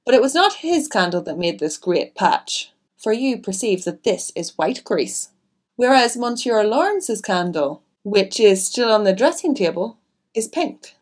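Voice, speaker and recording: A woman voicing a precise, fussy middle-aged male detective in an audiobook, deliberate and a touch theatrical. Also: mid-range voice, very animated. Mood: explaining. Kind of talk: audiobook character reading.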